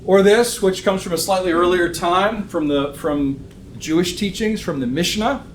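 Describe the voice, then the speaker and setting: A man with a high-sitting voice speaking at normal speed teaches a church Bible lesson to a live class. He's conversational, saying "um" a lot and checking in with "okay?", and the recording has a roomy echo with faint room noise.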